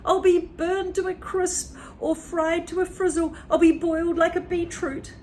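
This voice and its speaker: Grumpy old grandmother, bossy, snapping, fast and sharp, a woman reader putting her on, children's storybook. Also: mid-range voice, very animated, a little hiss or hum. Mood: panicked shouting. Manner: snapping, impatient, later shrieking.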